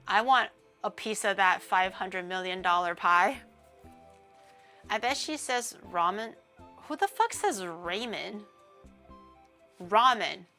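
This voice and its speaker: A woman's voice: mid-range voice, bright, forceful tone. A woman streamer chatting casually on a livestream, ranting and swearing freely with a laugh.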